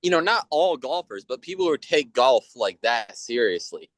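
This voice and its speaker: A man co-hosting a podcast in casual chat, talking in a hesitant, halting way with many restarts. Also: medium pitch, sing-song, a bit bright, dry recording. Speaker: podcast co-host.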